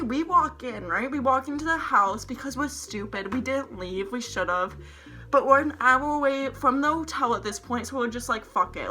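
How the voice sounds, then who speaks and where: Young woman vlogger, high bright voice, excited rambling storytelling, frequent swearing, faint music underneath. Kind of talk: casual storytime vlog.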